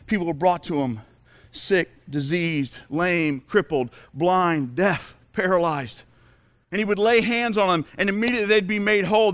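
A man's voice: high voice, a bit bright. A man preaching a sermon as a pastor, emphatic, with repeated rhetorical questions.

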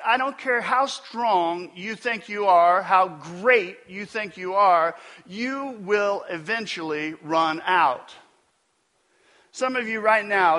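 A man's voice: fairly high pitch, pushed and bright. A man preaching a sermon, telling a funny personal story before building to emphatic preaching. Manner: storytelling with self-deprecating humor. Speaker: pastor.

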